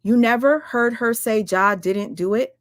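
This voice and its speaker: A woman ranting on her livestream, firing rhetorical questions at her viewers, swearing often and talking fast and emphatically. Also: fairly high pitch, no echo, studio quality. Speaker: livestream commentator. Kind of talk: heated livestream rant.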